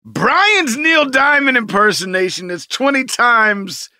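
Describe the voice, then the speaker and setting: A man chatting in a casual talk show, excitable and jokey. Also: extremely high pitch, slow pace, clear, resonant tone, dry recording, clean studio sound. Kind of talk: casual chat.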